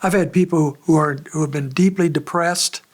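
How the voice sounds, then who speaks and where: Man preaching with a raised pitch. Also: steady tone. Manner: conversational, measured preaching with frequent pauses. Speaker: pastor. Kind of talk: expository sermon.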